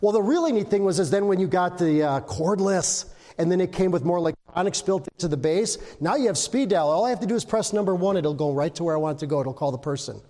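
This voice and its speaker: An older man preaches in a loose, conversational way, tossing questions to the room and humming bits of songs. His voice sits high for a man. The sound carries a long echo from a large hall. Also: animated, fast talker, hardly any pauses, dark tone. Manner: conversational, asks the congregation questions, hums and sings snippets. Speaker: pastor. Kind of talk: informal sermon.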